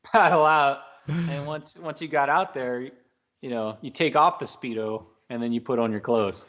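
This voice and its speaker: A man co-hosting a casual fishing talk livestream, relaxed and patiently explaining the basics. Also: mid-range voice, moderate pace, lo-fi sound. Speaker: co-host of a fishing talk show.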